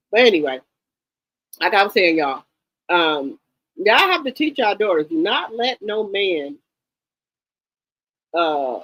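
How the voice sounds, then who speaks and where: A woman's voice: lowish voice, a bit bright, no echo, low-quality recording. A woman in her fifties giving blunt, emphatic livestream commentary and often repeating her words. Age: 50s. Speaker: livestream host.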